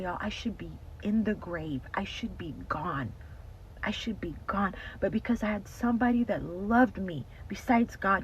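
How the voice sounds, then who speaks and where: Woman, earnest faith testimony, repeats phrases, drops to a whisper at emotional moments, dull lo-fi audio, faint hiss. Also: mid-range voice. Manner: earnest, repetitive, addresses listeners as y'all.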